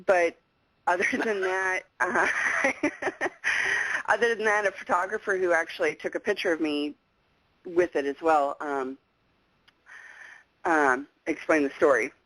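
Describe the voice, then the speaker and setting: Giggly low-voiced woman from Alaska. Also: a little slow, pauses often, fairly bright tone, dry recording, poor audio. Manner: giggly, laughing between phrases. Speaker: guest. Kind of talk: casual radio chat.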